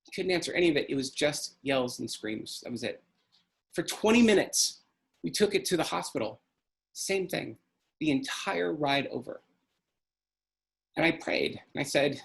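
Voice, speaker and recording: A man's voice: a little high, lively intonation, moderate pace, gravelly, pauses often. A middle-aged man telling a personal story in an earnest, emotional way. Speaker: speaker.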